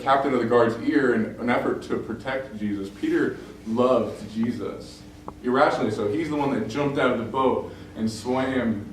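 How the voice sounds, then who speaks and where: Young male preacher in an echoey hall. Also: mid-range voice. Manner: conversational, many fillers, acts out quoted lines. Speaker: pastor. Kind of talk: casual sermon storytelling. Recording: very echoey room, distant mic, faint noise.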